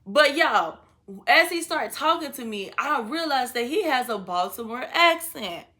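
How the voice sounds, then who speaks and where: A young woman telling a story to her viewers in an animated, slangy way. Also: high-pitched, unhurried. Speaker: vlogger. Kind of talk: storytime vlog.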